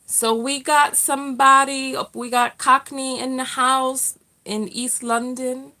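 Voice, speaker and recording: A woman's voice: high voice, flat delivery, slow, pushed and bright. A middle-aged woman hosting a casual livestream, reading out viewer comments in a chatty way with lots of fillers and restarts. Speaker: livestream host, self-love coach.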